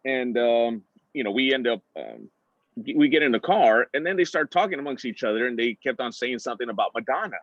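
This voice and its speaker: A middle-aged man telling personal stories as a guest speaker, animated and full of "uh" fillers, acting out other people's lines with big pitch jumps. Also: brisk, no echo. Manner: frequent "uh" fillers and restarts. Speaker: guest speaker, entertainment director. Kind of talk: personal storytelling talk. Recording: dull, slightly muffled sound.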